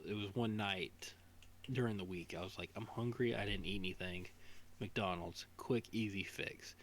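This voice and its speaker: A man's voice: deep voice, a bit bright, a little hiss or hum. A man co-hosting a casual podcast, rambling, swearing freely, with a voice strained from singing. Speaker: podcast co-host.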